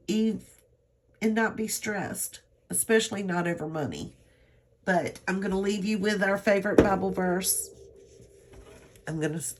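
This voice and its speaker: A woman, chatting to her viewers in a rambling, earnest, encouraging way. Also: lowish voice. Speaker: vlogger. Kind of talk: casual talk to camera.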